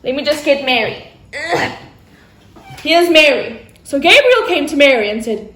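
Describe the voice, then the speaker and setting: A woman's voice: high voice, sing-song, unhurried, fairly bright tone. Playful woman telling a children's story. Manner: playful, chatty asides. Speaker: children's church presenter. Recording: roomy echo.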